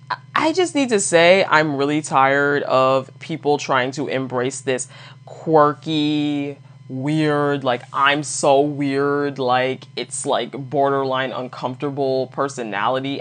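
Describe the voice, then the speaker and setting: A woman with an unusually deep, low voice hosts a casual solo podcast. She talks bluntly and swears freely, laughing often as she rants and throws in lively asides. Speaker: podcast host.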